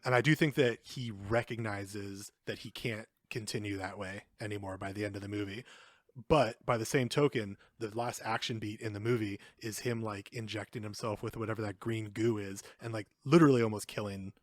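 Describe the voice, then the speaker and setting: Low-voiced man rambling about movies. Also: fairly even intonation, moderate pace, no room sound, studio quality. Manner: loose and rambling, heavy swearing, many fillers. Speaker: podcast co-host. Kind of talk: casual film discussion.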